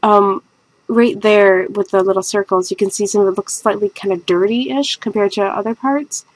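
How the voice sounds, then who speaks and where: Husky, nasal woman narrating her painting. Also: medium pitch, steady tone, normal speed, dry recording, low-quality recording. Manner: chatty, rambling, self-mocking. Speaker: shoe painting artist. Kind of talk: casual voice-over of a painting video.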